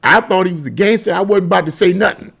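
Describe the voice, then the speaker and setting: A man with a slightly higher voice and a gravelly fry talks through his casual video commentary. He rambles in a loose, chatty way and keeps breaking into chuckles. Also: fast talker, fairly bright tone. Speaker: political commentary vlogger.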